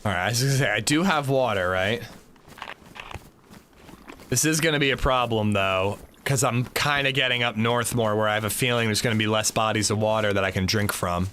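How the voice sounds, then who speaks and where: A man's voice: lowish voice, fairly quick, pushed and bright, a little hiss or hum. A man livestreaming a game, chatting casually in a rambling way, swearing freely and saying "like" a lot. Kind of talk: casual gameplay commentary.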